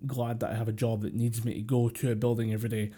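Scottish male co-host, mid-pitched and mellow, chatty and rambling. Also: little pitch movement, fast, breathy edge. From Scotland. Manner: rambling, with many fillers and chuckles. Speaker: podcast co-host. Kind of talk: casual chat. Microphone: computer mic over a voice call.

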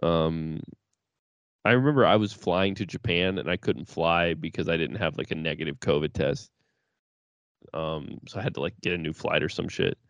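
A man's voice: very deep voice, normal speed, creaky, dry recording. A man co-hosting a casual podcast chat, laid-back, swearing often and restarting his sentences. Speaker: podcast co-host.

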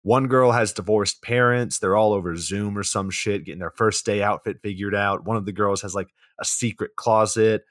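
A man's voice: fairly low pitch, fairly even intonation, normal speed, hardly any pauses, a bit bright, dry recording, clean studio sound. A young man co-hosting a casual comedy podcast, sardonic and profane, with mock exasperation as he recaps a movie. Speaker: podcast co-host.

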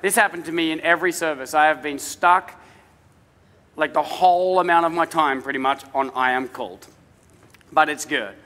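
A man's voice: on the high side, a little fast, pushed and bright, in a large hall. A middle-aged male pastor preaching a conversational sermon, mixing scripture with funny stories about his kids. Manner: conversational preaching with humorous family anecdotes.

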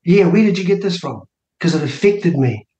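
Guest: New Zealand man in his sixties, fairly high voice, spins animated anecdotes, roomy studio sound. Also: normal speed. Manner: acts out quoted dialogue with lively rising voice. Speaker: interview guest, minor party co-leader. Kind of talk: animated personal storytelling.

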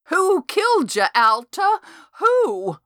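A woman voicing an excitable, feisty old woman with a high, shrill, yelling voice in an audiobook. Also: slow pace, no room sound, clean studio sound, full character voice. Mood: excited.

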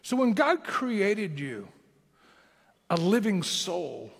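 A man's voice: high voice, big pitch swings, slow pace, gravelly, breathy edge, in a large hall. A man with a Southern Tennessee accent preaching a sermon as pastor, with emphatic rising lines.

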